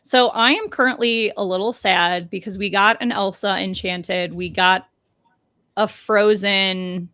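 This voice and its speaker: A woman's voice: mid-range voice, steady tone, unhurried, bright, forceful tone, no room sound. A woman co-hosting a casual podcast, chatty and full of ums and restarts. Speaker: podcast co-host.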